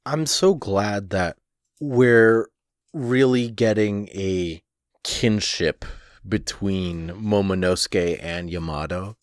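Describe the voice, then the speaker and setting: A man co-hosting a podcast in casual chat, relaxed and halting with many fillers. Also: lowish voice, dry recording, studio quality. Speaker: podcast co-host.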